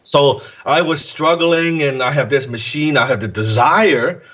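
A man with a husky, slightly breathy voice tells an animated story as an interview guest. He jumps into the voices of the people he quotes and drops the odd curse along the way. The recording sounds dull and lo-fi. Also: on the high side, measured pace. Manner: animated, acts out quoted voices, swears casually. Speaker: guest entrepreneur.

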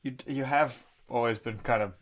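A man's voice: medium pitch, normal speed, a crowd in the background. Laid-back man player on a podcast. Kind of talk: casual podcast banter.

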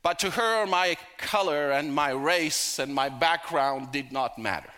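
Male preacher, middle-aged, high bright voice, storytelling with jokes. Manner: storytelling, humorous asides, slows for emphasis. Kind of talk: sermon with personal stories.

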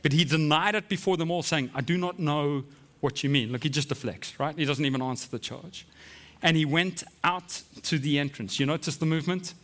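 Conversational preacher, higher male voice. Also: brisk, fairly bright tone. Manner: conversational preaching, frequent "right?" asides. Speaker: pastor. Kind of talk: sermon.

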